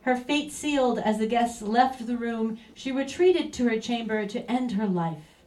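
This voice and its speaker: A woman's voice: a little high, a little slow, a little mellow. A woman telling a comic story aloud in a theatrical, playful narrating manner. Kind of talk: comic live story reading. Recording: roomy, distant mic.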